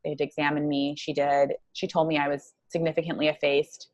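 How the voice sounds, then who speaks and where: A woman guest telling her own story in an interview, earnest and halting, with many fillers. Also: deep voice, flat delivery. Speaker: guest psychologist.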